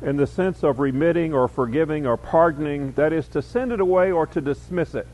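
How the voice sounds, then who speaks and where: A man teaching a Bible study lecture, explaining words slowly and reading verses aloud with added emphasis, often pausing with fillers. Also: fairly high pitch, a little mellow.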